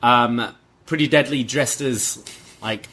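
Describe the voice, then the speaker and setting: A man co-hosting a podcast, giving a relaxed, filler-heavy recap of a wrestling show. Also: medium pitch, slow pace, a little hiss or hum. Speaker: podcast co-host.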